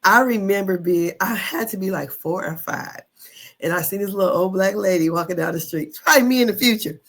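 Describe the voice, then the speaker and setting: A woman in her fifties telling a childhood story in a casual monologue, animated, with slang, cursing and frequent laughter. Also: mid-range voice, brisk. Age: 50s. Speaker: online commentator.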